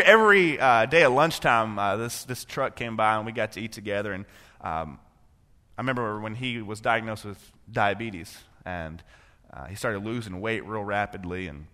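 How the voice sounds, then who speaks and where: Male preacher, bright and slightly high, shifts from hushed story to fervent sermon, long hall echo. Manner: builds from quiet storytelling to impassioned preaching. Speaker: pastor.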